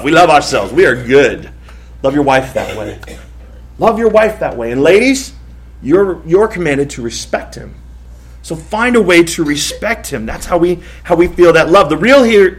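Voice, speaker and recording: Give me a man in his thirties preaching a conversational sermon, voice on the higher side. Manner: animated, conversational preaching with repetitions. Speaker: pastor.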